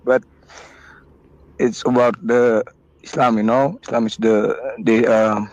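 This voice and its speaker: A man calling in to a debate show, speaking haltingly with many stammers and fillers. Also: medium pitch, little pitch movement, darkish tone, dry recording, rough recording. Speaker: caller. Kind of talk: hesitant call-in chat.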